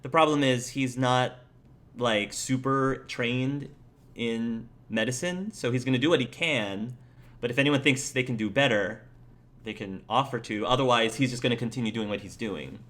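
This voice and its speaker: A man's voice: medium pitch, moderate pace, a bit bright. A young man running a tabletop game as game master, narrating casually with many fillers.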